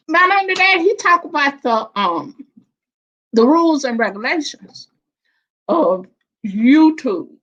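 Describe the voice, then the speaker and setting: Casual woman panelist, animated and laughing, slow-talking, slightly high voice, dull lo-fi stream audio. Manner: animated, laughing, Southern-inflected slang. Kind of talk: casual live stream chat.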